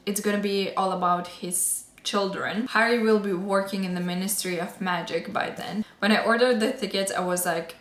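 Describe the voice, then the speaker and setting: A woman's voice: mid-range voice, steady tone, moderate pace, fairly bright tone. A young adult woman chatting casually through a book review, gushing and full of fillers like "um" and "like.". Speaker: book vlogger. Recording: echoey room.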